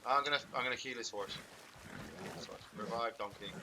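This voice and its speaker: A man's voice: medium pitch, normal speed. A man from England giving casual live commentary while playing a game, chatting, joking and swearing as he reacts. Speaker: game streamer. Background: game noise, hoofbeats and clicks.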